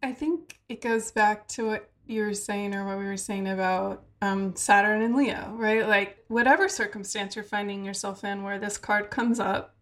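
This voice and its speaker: A woman's voice: mid-range voice, fairly even intonation, normal speed, hardly any pauses, slight background noise. A woman hosting a podcast, asking questions and drawing out her guest. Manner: curious, guiding questions, gentle. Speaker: podcast host. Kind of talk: casual podcast conversation.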